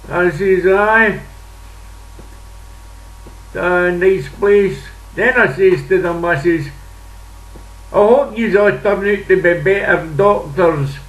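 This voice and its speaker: An older man from Scotland, a vlogger, tells a story in a casual, rambling monologue, chatty and sprinkled with dialect words. His fairly high voice moves slowly and unhurriedly, sounding roomy and a bit distant in an echoey space.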